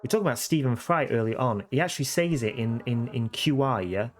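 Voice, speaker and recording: A man's voice: medium pitch, expressive, fairly quick. Chatty man streaming from home. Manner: chatty, repeats phrases, self-correcting. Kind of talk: casual livestream chat. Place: home room at a computer.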